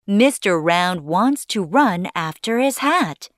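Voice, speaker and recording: Slow, lively storybook narrator, a woman. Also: mid-range voice, no echo, clean studio sound. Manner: simple, clearly spaced sentences.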